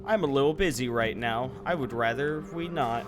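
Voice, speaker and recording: A man's voice: mid-range voice, normal speed, music in the background. A man chatting casually while streaming a video game live, swearing freely and muttering asides to himself. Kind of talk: casual live gameplay chat.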